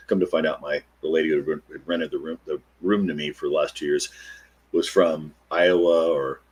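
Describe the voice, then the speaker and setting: Low husky man telling a story. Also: fairly quick. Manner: animated retelling, acts out quotes. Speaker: podcast guest. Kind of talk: storytelling interview.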